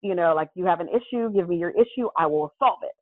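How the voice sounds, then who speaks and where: A woman guest on a podcast, candidly telling a personal story in an earnest, animated way that often breaks into laughter. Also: on the low side, fast, no room sound. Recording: thin phone-like call audio.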